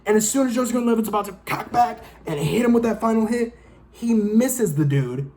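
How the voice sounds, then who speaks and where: A man's voice: high-pitched, animated, a little fast, mellow. A young man giving a casual, profane, rambling movie review, exasperated and acting out lines from the film. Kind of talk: casual rant-style review.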